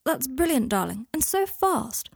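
A woman voicing a gentle, guarded young father, speaking softly and tenderly, with a clipped reserve. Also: high-pitched, very animated, unhurried, creaky, breathy edge, dry recording, studio quality, voice pushed up, exaggerated voice.

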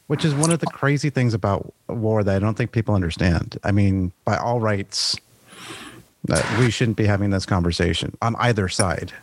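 A man's voice: lowish voice, moderate pace, slight background noise. A man interviewing a veteran, reflecting thoughtfully and sometimes searching for his words.

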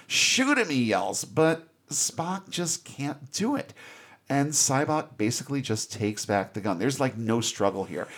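A man giving a casual, animated movie recap as a podcast host, with free swearing. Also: mid-range voice. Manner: animated storyteller, swears freely.

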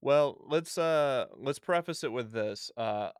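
A man hosting a casual interview, easygoing and relaxed. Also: mid-range voice, takes it slowly, clear, resonant tone, dry recording, studio quality. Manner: easygoing, with fillers. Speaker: podcast host.

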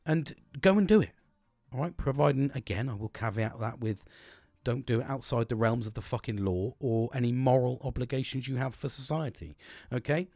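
A man's voice: medium pitch, moderate pace, warm tone, no echo, clean studio sound. A young man hosting a casual solo podcast, rambling and swearing a lot, laughing often. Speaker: podcast host.

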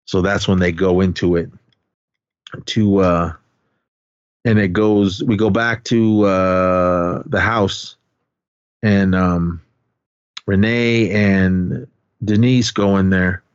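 A man's voice: deep voice, fairly even intonation, takes it slowly, long pauses, clear, resonant tone, no room sound, dull audio. A man co-hosting a podcast, recapping a film's plot in a casual, rambling way, full of fillers and restarts. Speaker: podcast co-host.

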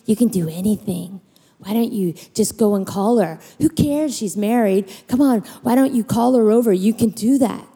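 Tempting male devil, coaxing and sly, woman doing it mid-sermon, a bit low, reverberant hall. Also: normal speed, warm tone, breathy edge. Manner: coaxing, wheedling.

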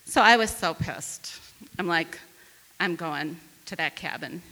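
A woman from northern Wisconsin tells an audience a funny personal story, acting out the voices of the people in it with lively energy. Her voice is on the low side and she takes her time, with a long reverb tail trailing each line.

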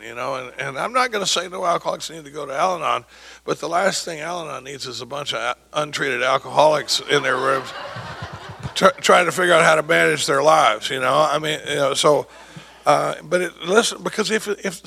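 A man's voice: fairly high pitch, gravelly, sharp tone, husky. An older man giving a folksy, joking talk at a recovery meeting, acting out the voices of people he quotes. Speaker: recovery speaker.

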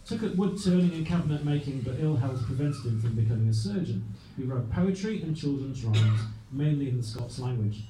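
A man's voice: mid-range voice, lively intonation, fairly quick, hardly any pauses, warm tone. A man hosting a live show, chatting as he reads facts from his notes. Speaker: host. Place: live venue. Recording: echoey room, from far off with faint noise.

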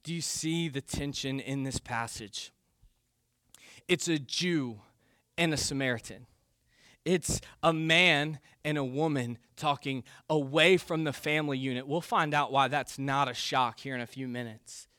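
Bright-voiced, emphatic male pastor. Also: medium pitch, unhurried, no echo, studio quality. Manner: animated, emphatic, self-correcting. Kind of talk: sermon.

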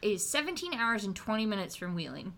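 A woman's voice: mid-range voice, sing-song, fast, fairly bright tone. A woman co-hosting a casual podcast, chatty and teasing, laughing easily as she tells a story. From West Virginia, USA. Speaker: podcast co-host.

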